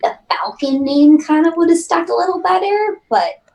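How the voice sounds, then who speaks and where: A woman's voice: very high voice, normal speed, a little mellow, poor audio. A woman playing a tabletop role-playing game, friendly and rambling, often talking in character. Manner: friendly and rambling, with many restarts. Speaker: player.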